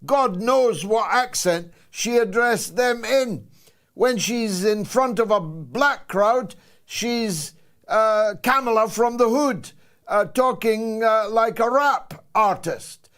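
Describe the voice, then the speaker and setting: A Scottish man in his sixties hosting a political talk show, delivering a sarcastic, emphatic monologue with dramatic pauses. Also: sits high, animated, fairly bright tone. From Scotland. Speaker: host.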